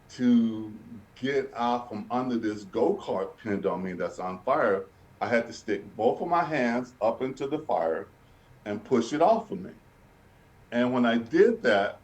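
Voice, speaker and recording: A man, earnestly telling his life story as an interview guest and often repeating and restarting phrases. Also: mid-range voice. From Birmingham, Alabama, US. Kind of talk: personal storytelling in a sit-down interview. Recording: voice picked up from a distance.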